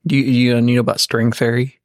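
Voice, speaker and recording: A man's voice: medium pitch, flat delivery, a little fast, dry recording, studio quality. A man co-hosting a podcast in casual chat, rambling and restarting as he lays out a theory. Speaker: podcast co-host.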